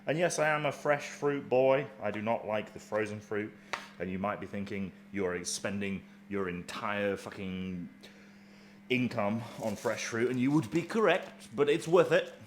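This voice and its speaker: A bodybuilding vlogger in his thirties cooks a meal for his fitness vlog, chatting casually and swearing freely in an offhand way. His voice is on the low side and unhurried, with a little hiss or hum in the audio.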